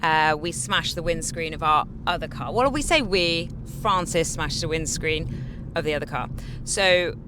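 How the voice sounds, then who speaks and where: A woman's voice: sits low, measured pace, noisy background. A young woman chatting casually to camera as a beauty vlogger, upbeat and confiding with her viewers. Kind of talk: casual vlog talk to camera. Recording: faint background music.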